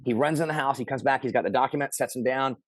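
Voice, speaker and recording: A man's voice: mid-range voice, quick pace, no room sound. Man telling a story, dry close sound. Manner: animated, acts out quoted lines loudly. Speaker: interview guest. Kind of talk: casual storytelling.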